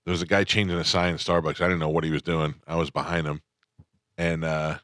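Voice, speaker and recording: A man's voice: rumbling low, fast talker, no echo, studio quality. A man hosting a morning radio show, chatting casually and acting out the voices in his stories. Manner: animated storyteller, acts out the voices in his anecdotes. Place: radio studio. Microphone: studio microphone.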